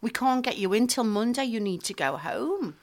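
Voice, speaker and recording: A lively woman in her fifties with a Liverpool accent, chatting as an interview guest. She tells her stories with gusto and laughs easily, her voice sitting a little high. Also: normal speed. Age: 50s. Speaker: actress and singer, guest. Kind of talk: casual chat interview.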